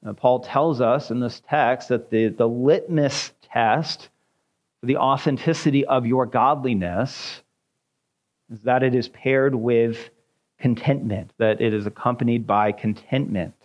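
A man preaching an expository sermon, teaching in a measured way with frequent filler sounds. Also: mid-range voice. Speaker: pastor.

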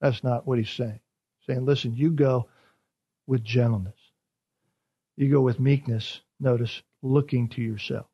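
A man's voice: medium pitch, steady tone, a little slow, vocal fry, long pauses, slightly rough. A man preaching an expository sermon as pastor, repeating key words for emphasis. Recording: dull lo-fi sermon recording.

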